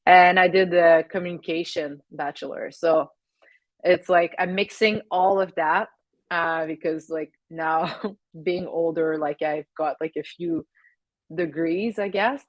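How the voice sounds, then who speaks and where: A young French Canadian woman, French her first tongue, talks as a podcast guest. Her voice sits low, and she hesitates often, leaning on fillers and slipping into laughter. The recording is dry and close. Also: fairly even intonation, unhurried, dry recording. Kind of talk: casual interview chat.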